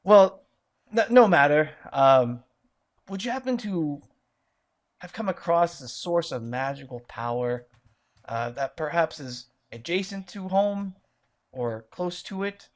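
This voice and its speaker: A man's voice: a little high, lively intonation, slow pace. A man voicing a polite time-traveling man who has lost his memory, speaking formally and hesitantly. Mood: politely hesitant.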